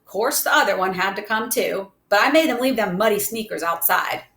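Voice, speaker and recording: A woman's voice: mid-range voice, lively intonation, brisk, a bit bright. A woman voicing a tough, streetwise boy who talks in boastful slang. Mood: brash. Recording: roomy echo.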